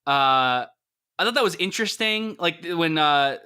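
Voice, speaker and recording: Bright, animated man chatting casually. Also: on the high side, normal speed, smooth. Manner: rambling, animated, acts out characters' reactions. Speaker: podcast co-host. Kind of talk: casual chat.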